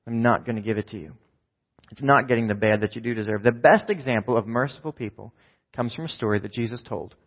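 A man preaching a sermon in a conversational way, often checking in with his listeners. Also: medium pitch. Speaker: pastor. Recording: dull lo-fi sound with long hall reverb.

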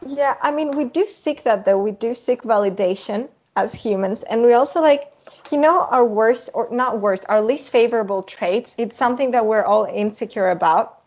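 A young woman co-hosting a podcast, talking through ideas in a relaxed, explanatory way with lots of "you know". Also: on the high side, normal speed. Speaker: podcast co-host. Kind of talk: casual chat.

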